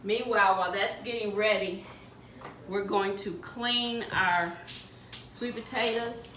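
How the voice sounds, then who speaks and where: In her home kitchen, a woman demonstrates a recipe with homey instructions in a casual cooking tutorial. She speaks slowly at medium pitch with a steady, bright, forceful tone, captured by a distant mic in an echoey room with background noise.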